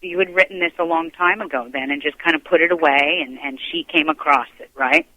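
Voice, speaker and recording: A man's voice: a little high, animated, fairly quick, sharp tone, no room sound. A man hosting a radio show, chatting casually with a guest and gushing with praise. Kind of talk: casual interview chat. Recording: tinny phone line.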